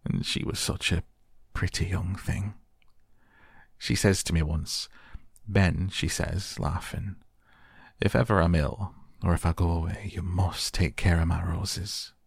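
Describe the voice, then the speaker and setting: A man reads as a blunt old gardener with a dry, gruff manner. The voice sits very low and gravelly, with a husky edge, in a dry, close sound. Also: fairly even intonation, unhurried, no echo, exaggerated voice.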